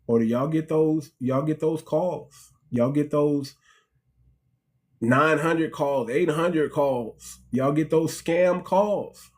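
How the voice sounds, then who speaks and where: A middle-aged American man hosts a casual livestream, talking animatedly to his audience, repeating himself and calling them family. His voice is a little high and his pace slow.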